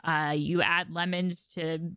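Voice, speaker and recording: Enthusiastic woman, low and dry. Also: flat delivery, slow pace, a bit bright, no room sound. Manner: enthusiastic, filler-heavy rambling. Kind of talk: casual chat.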